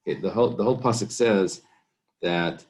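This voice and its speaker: A man teaching a Talmud lesson in a relaxed way, thinking aloud with fillers and mixing Hebrew and Aramaic terms into his English. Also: low-pitched, normal speed. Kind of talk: casual Talmud study lesson.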